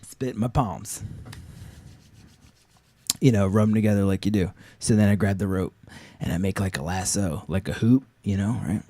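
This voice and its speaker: A man spins an improvised comic story on a live stage, rambling through fillers and curses. His delivery swings between loud outbursts and low asides. The sound is dry and close, with no room echo. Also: normal speed, long pauses. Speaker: actor and co-host.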